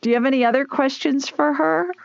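A woman's voice: high voice, brisk, vocal fry, dry recording. Chatty Southern radio host woman. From Alabama. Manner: upbeat, chatty, laughs often. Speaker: radio show host and psychic medium. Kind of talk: call-in radio chat. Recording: dull, lo-fi broadcast audio.

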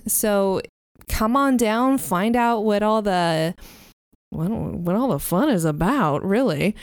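Smooth-voiced woman game master. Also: medium pitch, darkish tone, no room sound, clean studio sound. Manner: slow, descriptive storytelling. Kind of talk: narrating a tabletop game in second person.

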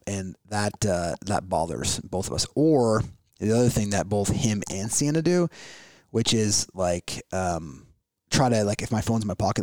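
A man's voice: fairly low pitch, darkish tone, no echo. Rambling man with a very dry sound. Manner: loose, rambling, lots of fillers and restarts. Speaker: podcast host. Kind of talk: casual conversational chat.

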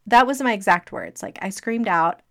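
A middle-aged woman telling a personal story as a motivational talk, lively and laughing as she acts out what people said. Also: mid-range voice, normal speed. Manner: animated, acting out quoted speech, laughing between lines.

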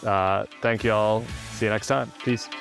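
A man hosting a podcast, briskly and upbeat, steering the conversation and wrapping up the episode. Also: lowish voice, fairly even intonation, creaky, loud music behind the voice. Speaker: podcast host.

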